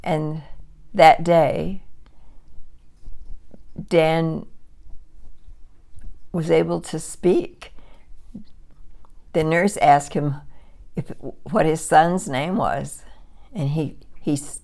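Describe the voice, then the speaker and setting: Woman, 60s, low and gravelly, chatty vlogger who rambles and repeats herself. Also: steady tone, very slow, pauses often, a little mellow. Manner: rambling, repeats words, restarts sentences. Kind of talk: casual chat, storytelling.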